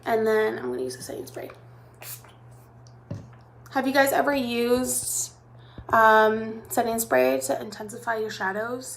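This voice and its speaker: A woman's voice: fairly high pitch, lively intonation, unhurried, pauses often, a little hiss or hum. A chatty young woman doing a live makeup tutorial as a makeup artist, talking directly to her viewers in a bubbly way.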